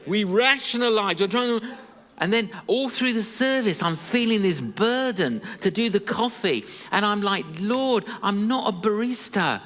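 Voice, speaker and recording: A preacher telling a story in a sermon, speaking in a lively, humorous, conversational way. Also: mid-range voice, moderate pace, long reverb tail.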